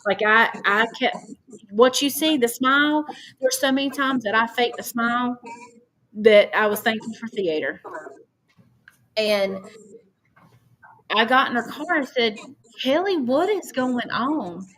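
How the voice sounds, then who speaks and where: A woman's voice: a little high, measured pace, pauses often, fairly bright tone, poor audio. A woman, a podcast guest earnestly recounting a personal story and quoting others at length. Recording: faint background noise.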